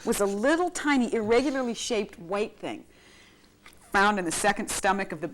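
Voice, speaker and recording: A middle-aged woman, a television reporter, telling lively anecdotes as a guest on a live broadcast and laughing through her words. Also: medium pitch, moderate pace. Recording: faint clicks and noise, 1990s broadcast tape.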